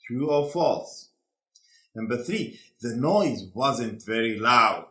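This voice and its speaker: Slow-talking male English teacher. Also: mid-range voice, animated, pushed and bright, reverberant. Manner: slow, deliberate, quizzing students. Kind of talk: classroom lesson.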